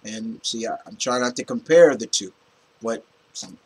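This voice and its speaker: Husky-voiced man rambling through a review. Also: on the low side, normal speed, poor audio. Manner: rambling, animated, frequent restarts and fillers. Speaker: movie reviewer. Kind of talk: casual spoken movie review.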